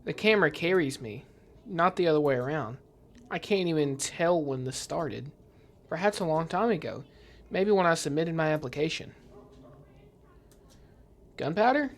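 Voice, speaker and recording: A gameplay commentator reading a horror game's dialogue aloud while playing, in a hushed, uneasy tone. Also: mid-range voice, animated, normal speed.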